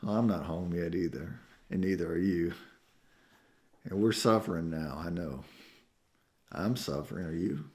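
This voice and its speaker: A man preaching a sermon, telling a story with emotion and swinging from hushed tones to loud climaxes. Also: low voice, a little slow, pauses often. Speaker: pastor. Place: church sanctuary.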